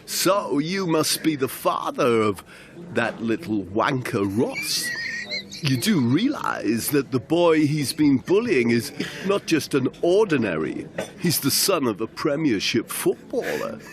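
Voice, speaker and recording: A man voicing a pompous, menacing thug with a huge chin, sneering and slow in a comedy role-play. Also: medium pitch, big pitch swings, a crowd in the background.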